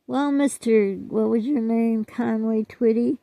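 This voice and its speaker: A woman's voice: a little high, fairly even intonation, measured pace, gravelly, mellow, no room sound, rough recording. An older woman vlogger chatting casually to her viewers, rambling and self-deprecating, often trailing off with "I don't know.".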